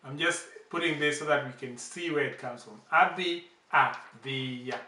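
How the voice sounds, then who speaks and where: A man hosting a language channel, patiently explaining words with slow, repeated examples. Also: a little high, bright, forceful tone, slight background noise. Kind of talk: casual language lesson. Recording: roomy echo, distant from the mic.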